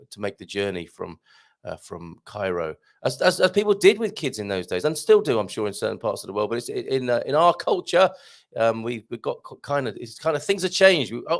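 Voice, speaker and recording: A man hosts a casual live stream, reading out comments and tips from his viewers. His voice sits at a middle pitch but rises and falls with a lot of movement. He sounds chatty and jokey, with self-deprecating asides. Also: vocal fry. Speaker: host of a live show.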